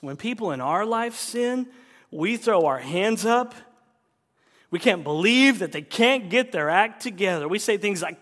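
A man pastor preaching a sermon, dropping to hushed whispers and then rising to loud, emphatic declarations. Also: high voice, expressive, a little slow. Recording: long reverb of a large hall.

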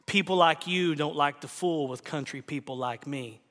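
A pastor voicing a humble, smooth-talking young Bible salesman while reading a story aloud, soft-spoken and folksy. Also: fairly high pitch, normal speed, lightly acted. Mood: humble pleading. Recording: long hall reverb.

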